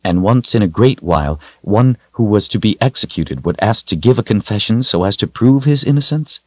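A man's voice: lowish voice, lively intonation, moderate pace, darkish tone, dry recording, dull audio, pitched above the performer's own voice. A man voicing a stern young woman who scolds and explains. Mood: explaining. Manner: stern, admonishing.

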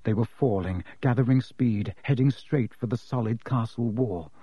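A man's voice: medium pitch, normal speed, warm tone, slightly rough, dry recording. Man reading a storybook, dry and lo-fi. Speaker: audiobook narrator. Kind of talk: scripted storybook narration. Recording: dull, lo-fi dry recording.

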